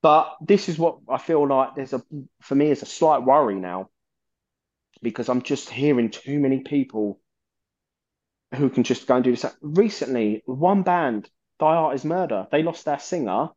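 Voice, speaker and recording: A man's voice: mid-range voice, moderate pace, a little mellow, muffled recording. A man, a guest on a metal podcast, talking passionately and rambling, with plenty of swearing. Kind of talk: casual chat.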